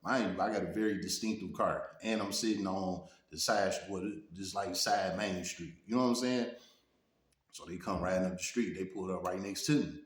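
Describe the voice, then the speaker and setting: Laid-back Detroit man, low voice, spinning a street story in a roomy room. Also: moderate pace. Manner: laid-back, peppers talk with "you know what I'm saying". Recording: roomy echo.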